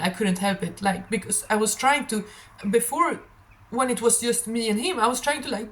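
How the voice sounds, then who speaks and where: Hoarse woman giving a tarot reading. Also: fairly high pitch, moderate pace, a little hiss or hum, low-quality recording. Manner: rambling, emphatic, repeats affirmations. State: hoarse, tired throat. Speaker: tarot reader.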